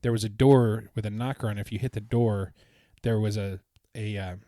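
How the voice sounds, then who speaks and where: A man's voice: fairly low pitch, fairly even intonation, brisk, mellow, no echo, clean studio sound. A man co-hosting a podcast, recounting his trip in a casual, enthusiastic, rambling way. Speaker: podcast co-host. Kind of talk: casual chat.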